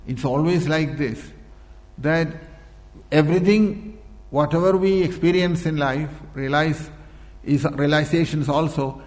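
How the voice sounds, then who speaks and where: A man giving a spiritual discourse, repeating points, posing rhetorical questions and often clearing his throat. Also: a little high. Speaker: spiritual teacher. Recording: echoey hall with long reverb.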